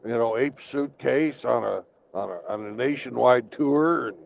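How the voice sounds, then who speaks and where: A man's voice: mid-range voice, measured pace, vocal fry, lo-fi sound, a crowd in the background. A man who works as a truck driver, talking in a casual online group chat, teasing and stammering as he repeats words.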